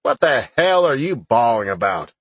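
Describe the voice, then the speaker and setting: A man voicing a gruff, blunt older army sergeant in an audiobook, with a husky voice. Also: mid-range voice, sing-song, normal speed, fairly bright tone, dry recording, pitched above the performer's own voice.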